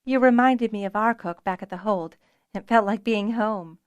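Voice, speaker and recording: A woman's voice: medium pitch, normal speed, clean tone, dry recording, natural voice. A woman voicing a plucky, frank young noblewoman dragonrider with a good-humored manner.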